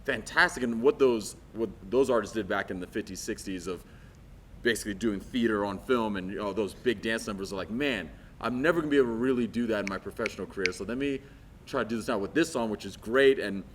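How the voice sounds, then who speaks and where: A man, a stage actor, telling in a casual talkback how he picked his song, animated and storytelling. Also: on the low side, a little hiss or hum. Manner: animated storytelling, fast talker.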